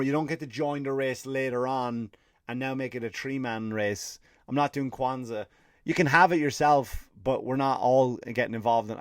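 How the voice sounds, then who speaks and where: A man's voice: mid-range voice, dry recording, studio quality. Profane, rambling Irish man. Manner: profane, sardonic, digressive. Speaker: comedy podcast host. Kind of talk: rambling comic monologue.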